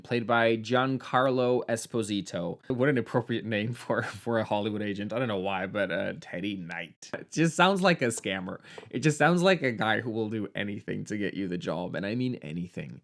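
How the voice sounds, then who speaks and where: A man's voice: fairly low pitch, expressive, normal speed, few pauses. A man giving a casual, sarcastic movie review, campy and swearing freely as he retells the plot.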